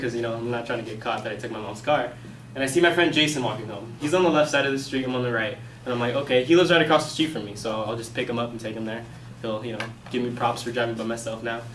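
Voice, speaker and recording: A young man telling a personal story in a casual, animated way, acting out his own past lines. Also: mid-range voice, fast talker, slight background noise. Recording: echoey room, mic from a distance.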